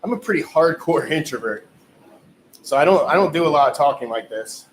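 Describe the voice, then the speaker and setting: A man's voice: on the high side, lively intonation, fairly quick. A man chatting loosely on a livestream as a strength athlete, rambling and swearing, with lots of filler words. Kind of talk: casual livestream chat. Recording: echoey room with faint noise.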